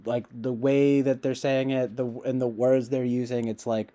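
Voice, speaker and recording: A man with a warm, mid-range voice speaks at a moderate pace with little pitch movement. He chats in a rambling way with his livestream viewers, piling up fillers and restarting often.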